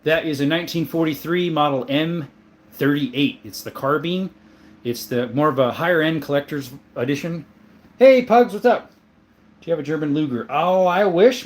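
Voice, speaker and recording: A man hosting a casual livestream, reading viewer comments aloud and answering them in a friendly way, often calling people "my friend.". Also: fairly high pitch. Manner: friendly, answers viewer questions about his gun collection; often says "my friend" and "mate". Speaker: livestream host reading chat.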